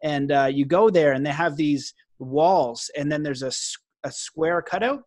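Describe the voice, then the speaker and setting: Podcast host, male, excitable and rambling, dry close sound. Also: on the high side, measured pace, dry recording. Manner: rambling, enthusiastic, many fillers and restarts. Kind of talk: casual interview chat.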